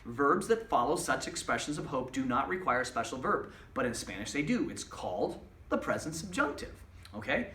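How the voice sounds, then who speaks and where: A man's voice: mid-range voice, big pitch swings, moderate pace, a bit bright, recorded from a distance. Patient male Spanish teacher, echoey room. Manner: patient, repetitive explaining with spelled-out examples. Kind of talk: recorded classroom lesson.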